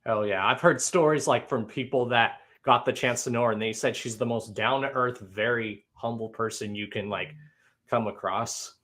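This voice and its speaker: A man hosting a casual livestream podcast, easygoing and agreeable, often chiming in with quick affirmations. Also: mid-range voice, fairly bright tone. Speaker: podcast host.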